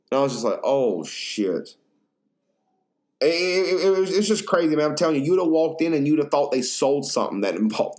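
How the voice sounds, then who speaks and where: A man's voice: mid-range voice, darkish tone. A young man hosting a podcast, telling a story in a rambling, profane casual chat full of fillers. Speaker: podcast host.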